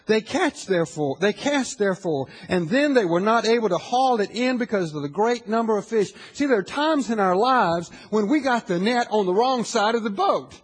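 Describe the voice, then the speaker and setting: Husky high-voiced male pastor preaching. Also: expressive, normal speed, few pauses, big-room sound. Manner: conversational preaching, builds to emphatic declarations. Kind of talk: sermon.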